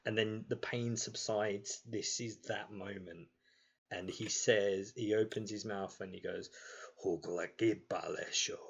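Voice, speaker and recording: A man's voice: fairly low pitch, level tone, a little slow, creaky, slightly rough, dull audio. A man running a tabletop game, narrating in a loose way with plenty of fillers. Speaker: game master.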